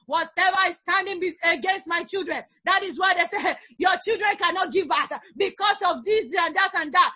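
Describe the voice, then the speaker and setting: Middle-aged woman yelling prayers over and over, super high sharp voice. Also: moderate pace, few pauses. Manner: fervent, repetitive shouted commands. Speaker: prayer leader. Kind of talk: shouted prayer session.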